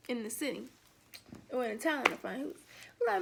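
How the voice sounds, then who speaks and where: A young woman with a high, bright-pitched voice tells a story in a relaxed vlog. She is lively and chatty, and she slips in slangy bits of dialogue as she goes. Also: brisk, creaky, long pauses, slight background noise. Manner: animated retelling that acts out quoted dialogue, with casual slang. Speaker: vlogger.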